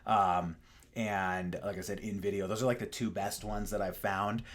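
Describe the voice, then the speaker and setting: A young man casually walking through software on screen, dropping frequent fillers and asking "right?" as he goes. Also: fairly low pitch, normal speed. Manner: relaxed, full of fillers and tag questions. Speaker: software tutorial presenter. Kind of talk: casual screen-share walkthrough.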